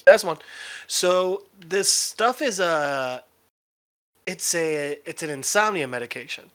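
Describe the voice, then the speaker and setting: A sarcastic man trading jokes on a casual podcast. He tells stories in an animated way and leans on dry irony. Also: a little high, takes it slowly. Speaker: podcast co-host. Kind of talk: casual chat.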